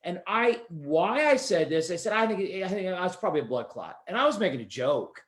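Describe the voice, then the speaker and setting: A man's voice: sits high, big pitch swings, brisk, a bit bright. A man hosting a podcast, telling a rambling personal story in a chatty, self-deprecating way. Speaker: podcast host. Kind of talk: casual anecdotal storytelling.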